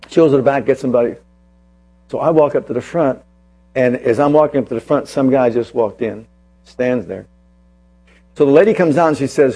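A man preaching a sermon as pastor, telling a personal story and then slowing down to press his points with emphasis. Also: medium pitch, dark tone, husky.

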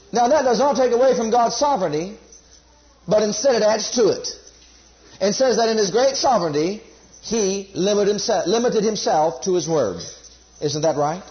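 High-voiced emphatic male preacher. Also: animated, normal speed. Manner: emphatic, repeats key phrases, leads congregation call-and-response. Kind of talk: sermon. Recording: dull lo-fi sermon recording.

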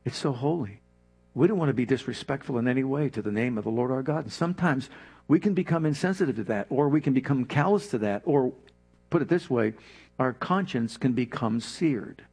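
A man preaching a sermon, emphatic, with dramatic pauses and prayers acted out in his own voice. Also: medium pitch, animated, a little mellow, breathy edge. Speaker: pastor.

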